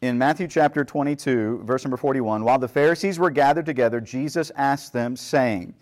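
A man's voice: a little high, expressive, brisk, darkish tone. Man preaching in a conversational sermon. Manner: conversational, asks rhetorical questions, frequent "right?". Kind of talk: sermon with scripture reading.

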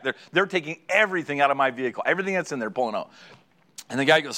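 A middle-aged man preaching a sermon, telling a story in a lively way and acting out the people in it. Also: high voice, rapid-fire. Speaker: pastor.

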